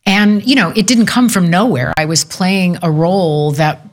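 A woman's voice: fairly low pitch, moderate pace. A woman in her fifties talking as a guest in a candid conversation, reflective and earnest, laughing easily. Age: 50s.

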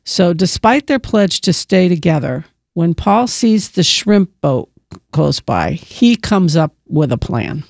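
Gravelly-voiced woman radio host. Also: lowish voice, lively intonation, takes it slowly, a little mellow, no room sound, clean studio sound. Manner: conversational, prompts the guest. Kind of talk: radio interview.

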